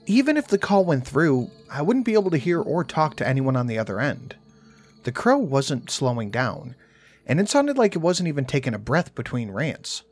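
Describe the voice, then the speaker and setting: A man narrates a first-person horror story in a dry, wry manner. His voice sits fairly high, and his intonation rises and falls a lot. Faint music plays under him. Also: big pitch swings, normal speed, breathy edge.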